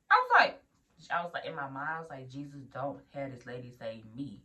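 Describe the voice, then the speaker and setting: Young woman vlogging, bright voice, acts out all the quotes, kinda far from the mic. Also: on the low side, normal speed. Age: young adult. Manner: animated storyteller, acts out quotes, laughs often. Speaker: vlogger, new grad ER nurse. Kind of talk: casual storytelling vlog.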